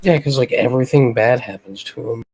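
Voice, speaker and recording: A man co-hosting a casual gaming podcast, giving relaxed opinions full of fillers. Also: medium pitch, brisk, creaky, crowd noise, poor audio. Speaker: podcast co-host.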